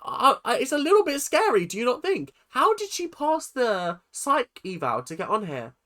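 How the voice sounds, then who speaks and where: Emphatic vlogger, exasperated rant with a swooping, expressive pitch and many rhetorical questions. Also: normal speed. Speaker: reality TV recap vlogger. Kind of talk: ranting commentary to camera.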